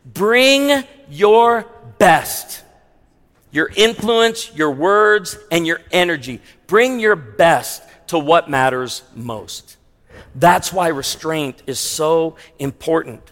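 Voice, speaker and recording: A man preaching a sermon as pastor, emphatic, slowing down hard on key lines, with wry asides. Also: a little high, expressive, fairly bright tone. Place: large church sanctuary with long reverb. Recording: long hall reverb in a sanctuary.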